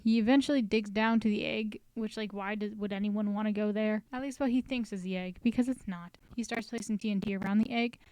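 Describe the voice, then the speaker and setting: A woman talks through a story recap in a loose, chatty way, tossing in joking asides as she goes. Her voice is smooth and clear at a middle pitch. The sound is dry and close, with no room echo. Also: steady tone, a little fast, few pauses, mellow. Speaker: recap host. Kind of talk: casual story recap commentary.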